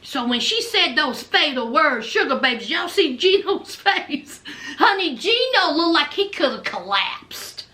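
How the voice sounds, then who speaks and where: A woman's voice: sits high, sing-song, unhurried, sharp tone. A woman giving a sassy, dramatic gossip recap of a reality TV episode, calling her viewers honey and y'all.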